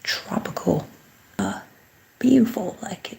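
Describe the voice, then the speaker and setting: Gravelly low-voiced woman chatting on a livestream. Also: normal speed. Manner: chatty, drifts into soft whispered asides; blesses and greets viewers warmly by name. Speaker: livestream host. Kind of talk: casual livestream chat.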